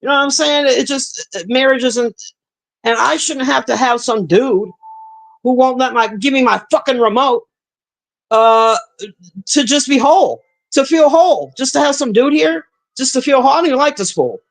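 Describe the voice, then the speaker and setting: A woman's voice: high-pitched, expressive, normal speed, gravelly. Blunt, profane woman ranting on stream. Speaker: livestreamer reading chat. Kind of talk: casual livestream rant.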